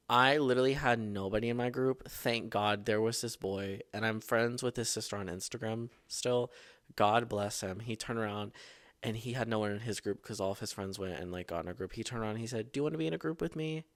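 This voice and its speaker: A man's voice: fairly low pitch, normal speed, dry recording, studio quality. A young man hosting a podcast, telling school stories in a sassy, overdramatic, profane way. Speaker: podcast host. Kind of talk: casual storytelling monologue.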